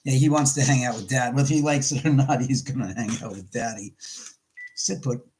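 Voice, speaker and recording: A man's voice: mid-range voice, brisk, darkish tone, a little hiss or hum, low-quality recording. A man hosting a casual live stream from his home, rambling and stopping to greet viewers by name. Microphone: camera mic on a live stream.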